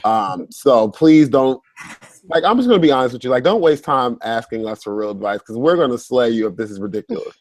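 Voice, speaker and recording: A young man co-hosting a casual chat show, talking with a voice roughened by illness, animated and quick to laugh. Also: medium pitch, dry recording, studio quality. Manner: animated, laughs often, reads listener letters aloud. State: sick, rough voice. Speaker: podcast co-host.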